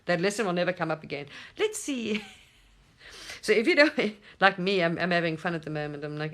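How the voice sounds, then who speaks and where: A spiritual teacher talking casually to camera at home, animated, swearing and laughing often. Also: medium pitch, normal speed.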